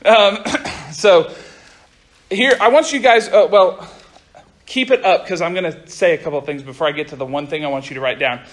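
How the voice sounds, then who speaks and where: A young man giving a casual youth sermon to a group, talking fast and chatty, often stopping to restart his sentences. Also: on the high side. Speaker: youth pastor. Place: room with a group of listeners.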